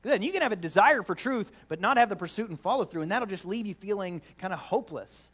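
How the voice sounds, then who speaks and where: A man in his thirties preaching a sermon, animated and storytelling with playful asides. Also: high voice, fast talker, husky. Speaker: pastor.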